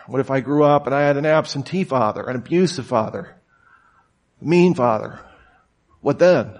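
Here a preacher in his thirties keeps his sermon conversational and his pitch medium, relaying stories in a relaxed way and voicing each person he quotes.

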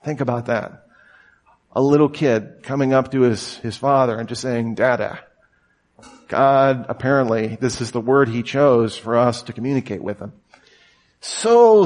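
A man's voice: medium pitch, darkish tone. A man in his thirties giving a conversational sermon, telling stories in a casual way and acting out the voices he quotes. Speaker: preacher.

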